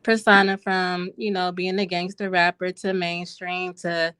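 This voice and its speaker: A woman's voice: on the low side, little pitch movement, a little slow, a bit bright, smooth, dry recording, studio quality. A woman calling in to a talk show, speaking casually with hesitant fillers. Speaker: caller. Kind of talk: casual opinionated chat.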